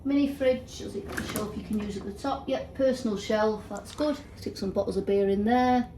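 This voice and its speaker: Background noise accompanies a woman speaking at normal speed in a mid-range voice. She's a travel vlogger in her fifties, slightly drunk in a hotel room, animatedly sharing stories and swearing freely.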